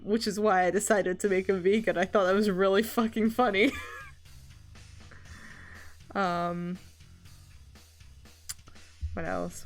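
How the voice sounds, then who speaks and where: A woman streamer chatting casually, rambling with many fillers and frequent laughter. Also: mid-range voice.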